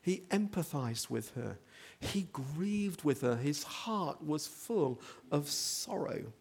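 Gravelly man preaching earnestly. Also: a little high, lively intonation, slow, darkish tone. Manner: earnest, builds to emphatic rhetorical questions. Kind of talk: sermon.

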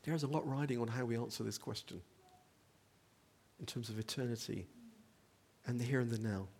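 A man's voice: medium pitch, a little fast, darkish tone, breathy edge. A man preaching a sermon, earnest, building to emphatic rhetorical questions.

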